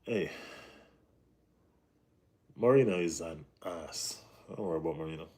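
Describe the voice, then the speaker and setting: A man hosting a casual live football chat, talking in an animated way with lots of slang and repeated phrases. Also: low-pitched, unhurried. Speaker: football channel host.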